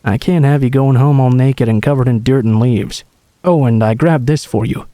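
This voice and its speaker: Guy reading as a young country boy, earnest and reassuring, mellow dry voice. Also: medium pitch, normal speed, dry recording, natural voice. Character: steady young male country boy, protective.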